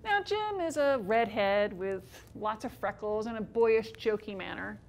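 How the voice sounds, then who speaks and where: A woman in her fifties performing an autobiographical one-woman stage show, telling her story in a wry, expressive way with dry humor. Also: medium pitch, unhurried.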